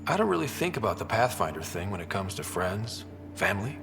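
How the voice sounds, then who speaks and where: A man's voice: fairly low pitch, big pitch swings, fairly quick, vocal fry, in a large hall, music in the background. An actor playing an easygoing male starship captain in a video game, lightly joking.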